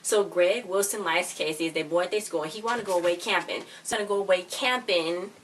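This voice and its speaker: A woman rambles excitedly through a casual recap of a TV episode, her voice sitting on the low side. She sounds set back from the microphone, with a faint hiss of background noise. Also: a little fast, recorded from a distance. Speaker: show recap vlogger.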